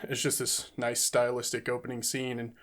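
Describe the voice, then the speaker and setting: A man's voice: mid-range voice, normal speed. Laid-back man co-hosting a movie podcast. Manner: relaxed, enthusiastic, laughs often. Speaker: podcast co-host. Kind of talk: casual movie review chat.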